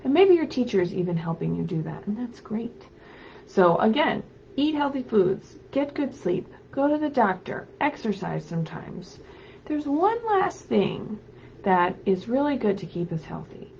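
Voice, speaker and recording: Lively high-voiced woman reading to kids. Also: measured pace, vocal fry, dull audio, slight background noise. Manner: animated, sing-song, prompts young listeners. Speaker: children's librarian. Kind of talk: story time reading to children.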